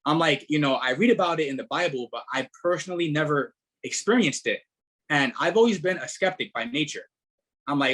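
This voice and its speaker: A middle-aged man, a podcast guest telling his story in a casual, animated way, repeating words and leaning on fillers. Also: a little high, brisk. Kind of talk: casual testimony.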